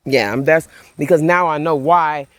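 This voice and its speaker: A woman's voice: deep voice, normal speed, no echo. A woman giving an emotional, rambling spiritual monologue as a self-described prophet, preachy and swearing freely.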